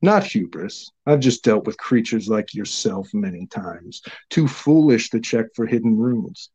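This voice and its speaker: A man's voice: lowish voice, animated, unhurried, a little mellow, breathy edge. A man voicing a stern, confident wizard who speaks in a cold, clipped way, in a storybook reading.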